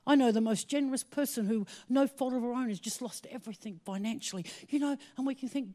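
A woman preaching a sermon, telling a personal story with animated swings between hushed asides and excited exclaiming. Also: fairly high pitch, quick pace, few pauses.

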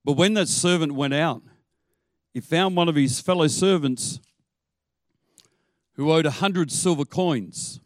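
A pastor preaching with animated, storytelling energy. His voice sits somewhat high for a man, and the sound is very dry and close to the mic. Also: no echo. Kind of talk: sermon.

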